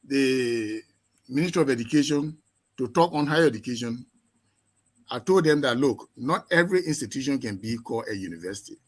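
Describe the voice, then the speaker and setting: A man from Liberia, an education professor, answering interview questions in an emphatic, lecturing way, firing off strings of rhetorical questions and swinging sharply between loud and soft, quick and slow. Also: medium pitch, animated. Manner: sweeping shifts in loudness and pace.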